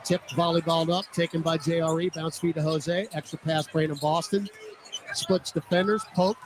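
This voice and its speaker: A man doing radio play-by-play for a basketball game, calling each play in quick clipped bursts. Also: a little high, little pitch movement. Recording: noisy radio broadcast with arena ambience.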